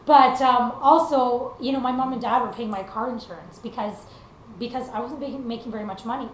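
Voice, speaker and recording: A young country singer from Canada, her voice on the high side, speaks a little quickly as she delivers a heartfelt, relaxed motivational talk full of filler words. The recording has room echo and faint noise.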